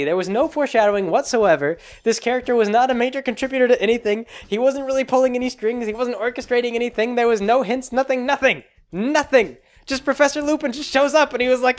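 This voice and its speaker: A man rambling sarcastically through a casual movie recap, full of fillers and restarts. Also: very high-pitched. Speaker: vlogger.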